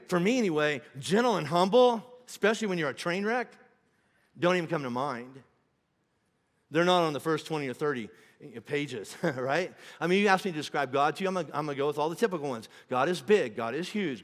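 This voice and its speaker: A man preaching a sermon as pastor, conversational and animated, with asides and self-corrections. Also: on the high side. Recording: long hall reverb.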